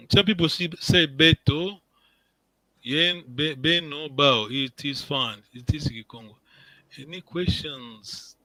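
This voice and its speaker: A man leads a language lesson in a bright, slightly high voice, recorded dry and close. He is patient and encouraging, repeating each word and checking in with his students as he goes. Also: dry recording, poor audio. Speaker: language teacher. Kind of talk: online language class.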